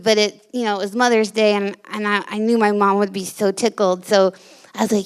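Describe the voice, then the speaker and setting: A woman's voice: medium pitch, fairly even intonation, fast talker, smooth. A woman telling a comic story on stage, rambling and giggling through it. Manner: rambling and giggly, full of restarts. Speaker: storyteller guest. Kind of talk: live comedic storytelling.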